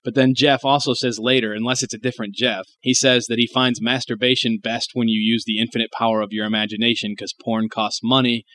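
A man's voice: mid-range voice, flat delivery, a little fast, hardly any pauses, bright, forceful tone, no echo. A young man co-hosting a podcast, talking casually and ranting in a profane, emphatic way. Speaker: podcast co-host. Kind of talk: crude casual chat.

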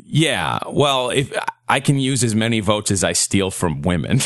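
A man in his thirties hosts a loose comedy podcast, cracking crude jokes and laughing between lines. His pitch swings up and down a lot, and the sound is dry and close with no room echo. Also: sing-song, unhurried. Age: 30s. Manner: crude joking, laughs often. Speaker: podcast host. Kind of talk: casual comedic chat.

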